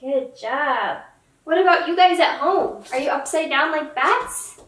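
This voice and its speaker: A young woman teaching a yoga class for children, giving gentle, encouraging cues and playful animal sounds. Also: high voice, lively intonation, a little slow, slight background noise. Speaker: yoga instructor. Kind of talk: kids yoga class instruction. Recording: echoey room, mic at a distance.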